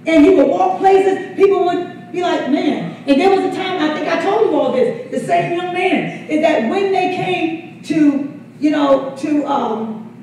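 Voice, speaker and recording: A woman's voice: very high voice, unhurried, far from the mic, slight background noise. Laughing woman pastor in an echoey hall. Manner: laughing often, lively storytelling with acted quotes. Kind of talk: storytelling sermon testimony. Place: church hall.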